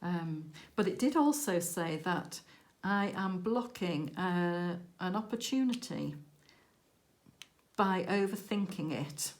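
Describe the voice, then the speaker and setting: A woman's voice: on the low side, slow. Chatty woman telling a story. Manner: chatty storytelling with lively quoted dialogue. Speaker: crafting channel host. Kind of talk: casual chat while crafting.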